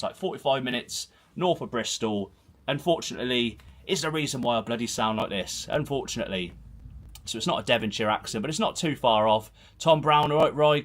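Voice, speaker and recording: With a medium-pitched, slightly bright voice and a Herefordshire and Gloucestershire accent, a man in his thirties runs a relaxed football livestream from a small room at home. He's from Herefordshire, England, and he rambles self-deprecatingly while reading comments solo.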